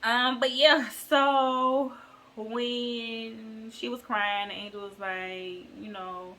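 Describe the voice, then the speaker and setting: A woman's voice: fairly high pitch, flat delivery, drawn-out words, a bit bright. A woman vlogger retelling a bible story in a chatty, slangy, digressive way.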